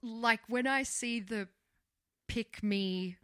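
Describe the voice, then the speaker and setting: A young woman co-hosting a casual podcast chat, agreeable and quick to chime in. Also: a little high, a bit bright, no echo, studio quality. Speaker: podcast co-host.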